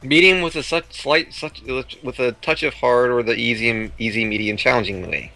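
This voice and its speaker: A man's voice: medium pitch, normal speed, vocal fry, pushed and bright, faint music behind, poor audio. A man playing along as a quiz contestant on a podcast, hesitant and rambling in his answers. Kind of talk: casual podcast banter.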